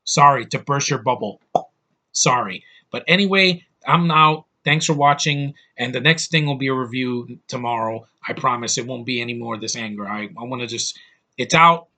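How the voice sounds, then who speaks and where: This man's vlog is an angry, blunt rant full of swearing, his frustration and exasperation obvious as a YouTube vlogger airing opinions. His medium-pitched voice is bright and forceful, at normal speed.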